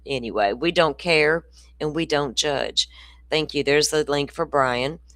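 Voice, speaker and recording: Chatty Southern woman, low voice. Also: unhurried, fairly bright tone, no echo. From Florida. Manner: chatty, laughing, storytelling asides. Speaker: true crime streamer. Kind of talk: casual livestream chat.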